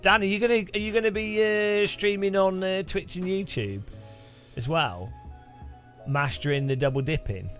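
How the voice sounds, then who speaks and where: A man's voice: sits high, moderate pace, a bit bright, faint music behind. A British man streaming a sim race, chatting with his viewers in a joking tone and laughing often. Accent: British English. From Britain. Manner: joking, laughs often, greets chat by name. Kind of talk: casual live-stream chat while sim racing.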